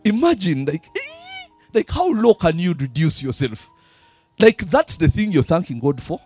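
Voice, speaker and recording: A man's voice: high-pitched, huge pitch swings, measured pace, a little mellow, slightly rough, soft background music. A man with a Ugandan accent preaching a sermon, throwing fill-in questions to the congregation. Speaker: pastor.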